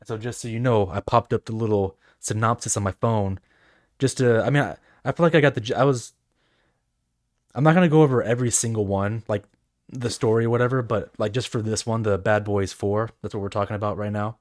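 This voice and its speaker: A man's voice: fairly low pitch, a little fast, a little mellow. A man co-hosting a casual movie podcast, rambling with lots of fillers and swearing. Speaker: podcast co-host. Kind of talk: casual movie review chat.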